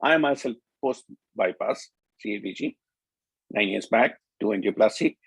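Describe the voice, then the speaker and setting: Husky Indian-accented man lecturing earnestly. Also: lowish voice, normal speed, dry recording, low-quality recording. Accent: Indian English. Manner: earnest, repeats words for emphasis. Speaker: speaker at a media conference. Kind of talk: conference talk.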